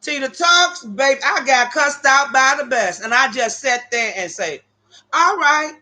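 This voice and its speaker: A brash, foul-mouthed woman with a high, bright, edgy voice. She tells stories casually and straight to her livestream viewers, calling them "y'all". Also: a little slow. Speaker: livestream host. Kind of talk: casual storytelling to live chat viewers.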